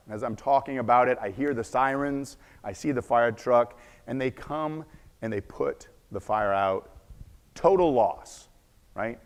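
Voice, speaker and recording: A man giving a conference talk, telling a dramatic story and shifting between loud bursts and hushed asides. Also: medium pitch, normal speed. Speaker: conference speaker. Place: conference stage. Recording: echoey conference hall.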